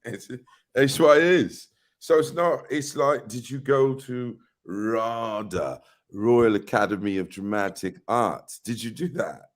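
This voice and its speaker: Taking it slowly, this middle-aged actor guest talks casually in an interview with a medium-pitched voice, spinning animated stories and performing the quoted voices himself.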